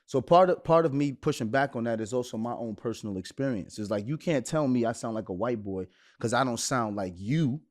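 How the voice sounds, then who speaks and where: A man's voice: medium pitch, expressive, fairly quick, few pauses. A man from Brooklyn co-hosting a casual group discussion, pushing back emphatically and with animation. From Brooklyn, New York. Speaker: podcast co-host.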